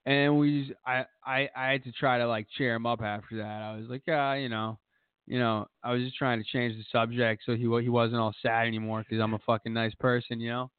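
A man's voice: medium pitch, level tone, a little fast, hardly any pauses, clear, resonant tone, no room sound. Profane rambling man on a tinny line. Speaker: podcast co-host. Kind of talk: casual chat. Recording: tinny phone-like sound.

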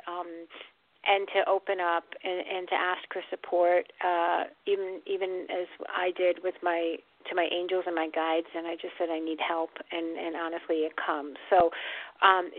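A woman's voice: fairly low pitch, no room sound. A woman reverend and co-author answering interview questions earnestly. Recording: dry tinny phone line.

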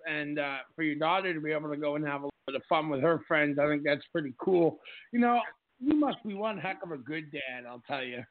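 A man's voice: on the high side, lively intonation, fairly quick, no echo. A man co-hosting a wrestling talk show, hyped up and effusive as he introduces and praises his partner. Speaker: co-host. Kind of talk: casual chat. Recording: tinny phone-like line.

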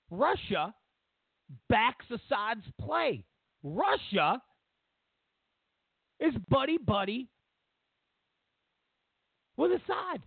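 Male talk host, sarcastic rant, lively high voice, tinny phone-like sound. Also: creaky, dry recording. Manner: sarcastic, mocking, ranting. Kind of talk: political commentary monologue.

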